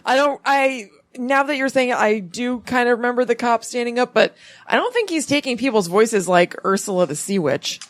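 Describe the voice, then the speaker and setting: A young adult woman co-hosting a podcast, talking casually about a book with a relaxed, hedging manner. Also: a little high, no echo. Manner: laid-back, trailing hedges and quick agreements. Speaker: podcast co-host. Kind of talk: casual book review chat.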